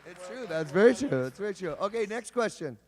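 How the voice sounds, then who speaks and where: High-voiced canadian guy joking around on a con panel, handheld mic. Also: sing-song, long reverb tail, some chatter behind. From British Columbia, Canada. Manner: playful, joking, quick asides. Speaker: voice actor on a convention panel. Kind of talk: casual panel chat. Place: convention panel stage.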